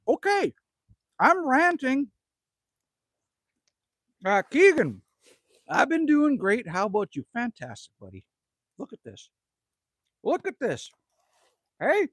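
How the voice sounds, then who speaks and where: A man's voice: very high-pitched, wildly swooping pitch, slow pace, pauses often, a bit bright, no room sound. A middle-aged man from Canada hosting a casual live stream outdoors at his rural cabin, ranting, joking and greeting viewers by name. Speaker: livestream host.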